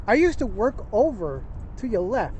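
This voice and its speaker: Older guy, really high voice, chatty walk-along tour, traffic and wind noise all around. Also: very animated, normal speed, darkish tone, poor audio. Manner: chatty, pointing out sights to viewers. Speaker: vlog host. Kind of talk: walking tour narration. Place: outdoors on a windy bridge by traffic.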